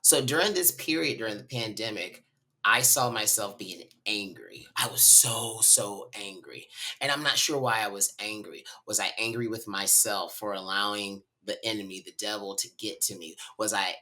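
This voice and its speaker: A man from North Carolina, a podcast guest telling a personal story in a candid, animated way. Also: fairly low pitch, moderate pace. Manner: animated, candid, talks to listeners as y'all.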